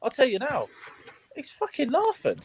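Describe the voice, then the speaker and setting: A man's voice: extremely high pitch, huge pitch swings, normal speed, husky. A man calling into a fan show, furious and blunt, swearing and mocking the team. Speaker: guest fan. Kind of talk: heated football fan rant.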